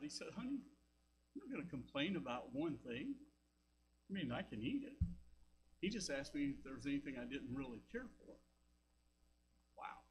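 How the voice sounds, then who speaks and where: A man's voice: mid-range voice, very animated, brisk, noisy background. An older man with a Southern American accent, preaching a sermon as pastor, telling folksy stories with frequent asides. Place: church sanctuary.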